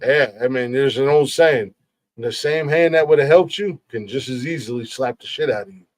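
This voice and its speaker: A middle-aged man hosts a podcast in an earnest, emphatic way, with plenty of swearing. His voice sits at a mid pitch and sounds close and dry. He often restarts and repeats words as he pushes his point. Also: moderate pace, no echo. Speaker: podcast host. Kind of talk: casual podcast talk.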